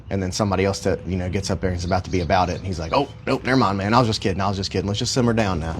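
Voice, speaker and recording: A man's voice: low voice, a little hiss or hum. A man working as a dog trainer, talking casually and rambling a little in a park, with mild cursing. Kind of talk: casual livestream explanation. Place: outdoor park.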